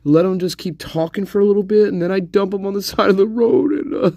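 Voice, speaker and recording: A man voicing a heckler who teases the host in a soft, hesitant, rambling way. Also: high voice, fast, creaky, no room sound. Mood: teasing.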